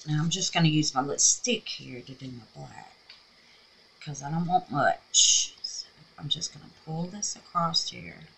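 A woman's voice: sits low, vocal fry, fairly bright tone, slightly rough. A Southern woman with a scratchy voice chatting casually through a crafting tutorial at home, talking to herself and calling viewers babies. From Mississippi, USA. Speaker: craft vlogger. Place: home craft room with air purifier.

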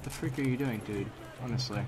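Excitable young man yelling over gunfire. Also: mid-range voice, a little fast, very noisy. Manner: excitable, frustrated outbursts and yelling at campers. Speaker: gameplay commentator. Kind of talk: live gameplay commentary. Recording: game gunfire behind voice. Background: loud shooter game sounds, gunfire.

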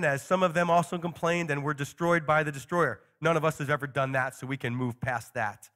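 A man's voice: fairly high pitch, moderate pace, a bit bright. A middle-aged man pastor preaching a sermon in a conversational way, acting out quotes and adding humor.

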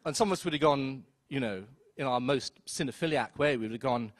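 A man telling a story on stage at a live event, wry and self-mocking, with quick asides and acted-out quotes. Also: a little high, dry recording, studio quality. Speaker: storyteller, film critic. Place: theater stage before an audience.

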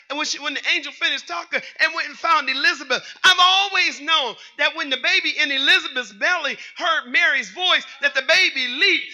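A male pastor preaching fervently to his congregation, calling for responses and building to shouts with sing-song phrasing. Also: very high voice, fairly quick, hardly any pauses. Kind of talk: preaching a sermon with call and response. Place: church sanctuary.

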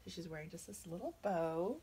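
A woman vlogging an unboxing to her viewers, gushing and excitable, with a slight cough from a coming cold and moments where she drops to a hush. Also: on the low side, a little fast, a little hiss or hum. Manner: gushing, excitable, drifting into hushed whispers. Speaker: reborn doll collector vlogger. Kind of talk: unboxing vlog, talking to viewers.

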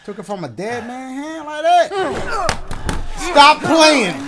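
High-voiced excitable man, gaming commentary. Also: moderate pace, noisy background. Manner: excitable, loud outbursts, swears freely. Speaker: gaming let's-play host. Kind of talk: live game commentary. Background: game music.

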